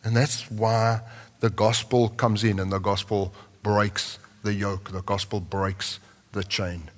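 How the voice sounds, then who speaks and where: A man preaching a sermon in a large church hall, moving between impassioned lines and soft, prayerful tones. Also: fairly low pitch, level tone, takes it slowly. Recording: long reverb of a large hall.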